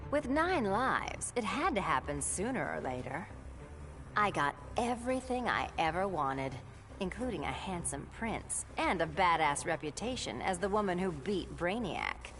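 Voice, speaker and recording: A woman's voice: fairly low pitch, sing-song, measured pace, a bit bright, a little hiss or hum, full character voice. Catwoman cool and sly. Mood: wry. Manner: cool, self-assured, drawling. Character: Catwoman, sly independent female cat burglar. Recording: game cutscene with music behind.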